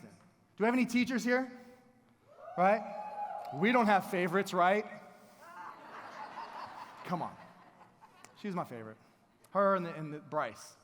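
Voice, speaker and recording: High-voiced man in a reverberant hall. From Texas. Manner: energetic, playful storyteller with audience asides. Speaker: keynote speaker. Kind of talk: motivational keynote storytelling. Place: large event hall. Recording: long reverb of a large hall.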